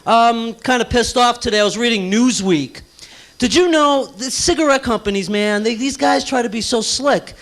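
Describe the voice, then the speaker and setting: A young man works a small cafe crowd with a nervous, animated stand-up set. His voice sits very high, and he drops into quick sung bits between jokes. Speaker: stand-up comedian. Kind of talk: stand-up comedy routine. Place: small cafe stage with a live audience.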